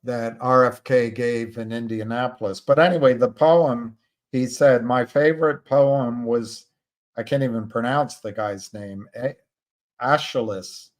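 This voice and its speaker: A man talks alone on a livestream, thinking out loud as he goes. His delivery is slow and unhurried, full of pauses, restarts and fillers. His voice sits at an ordinary middle pitch. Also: steady tone. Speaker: livestream host. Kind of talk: casual livestream commentary.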